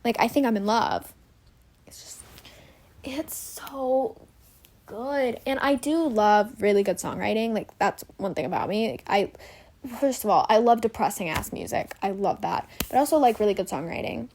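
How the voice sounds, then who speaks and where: A woman's voice: medium pitch, expressive, fairly quick, darkish tone. A young woman hosting a casual solo podcast, rambling and gushing with many fillers and self-corrections, sometimes dropping to a whisper. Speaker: podcast host.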